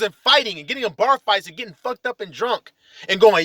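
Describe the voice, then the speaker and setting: Fiery high-voiced man preaching a profane rant. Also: expressive, a little fast, no echo, clean studio sound. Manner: preachy, confrontational, profane, with sudden loud shouts. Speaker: religious video commentator. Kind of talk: heated spiritual rant.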